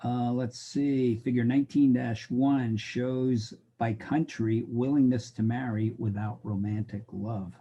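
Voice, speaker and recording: A man's voice: medium pitch, steady tone, unhurried, hardly any pauses, mellow, muffled recording, slight background noise. A middle-aged man lecturing a college class in a wry, joking way. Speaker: college instructor. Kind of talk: recorded lecture.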